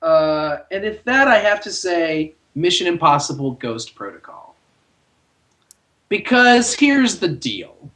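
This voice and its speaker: A man with a high voice that leaps around in pitch chats casually about films as a podcast co-host. He is animated and jokey, full of wry asides and playful exaggeration. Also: slow pace. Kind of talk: casual movie chat.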